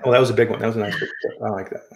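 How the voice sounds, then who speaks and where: A man's voice: fairly low pitch, fairly even intonation, rapid-fire, heavy background noise. A man hosting a casual live-stream chat, upbeat and chatty, greeting viewers and his guest. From American Midwest. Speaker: livestream host. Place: home studio, Colorado. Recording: roomy echoey home room.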